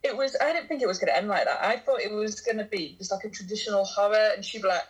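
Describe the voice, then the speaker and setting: A woman's voice: medium pitch, quick pace, husky, low-quality recording. A woman, co-hosting a podcast, laid-back and chiming in during a casual film chat. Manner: laid-back, chimes in with short agreements.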